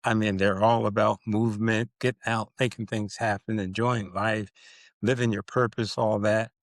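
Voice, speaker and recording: Low-voiced male podcast co-host. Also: dry recording, clean studio sound. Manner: animated, playful, drawn-out emphasis. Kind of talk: casual chat.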